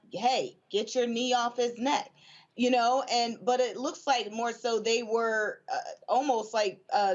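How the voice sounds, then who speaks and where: Woman, panel guest, halting speech, fillers, heartfelt, dull remote audio. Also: a little high. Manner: halting, many fillers, emotional. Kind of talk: news talk show discussion.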